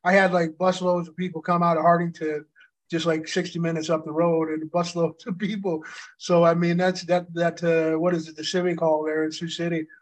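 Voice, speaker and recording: A man's voice: a little high, flat delivery, fairly quick. A man in his fifties reminiscing in casual chat as a co-host, rambling with many restarts. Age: 50s. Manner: rambling, full of restarts and fillers, fond reminiscing. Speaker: podcast co-host, former pro wrestler.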